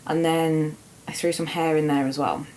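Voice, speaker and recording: Low-voiced earnest young woman. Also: flat delivery, moderate pace, a little mellow. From northern England. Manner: earnest, enthusiastic, playful. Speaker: personal trainer, podcast co-host. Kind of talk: casual chat.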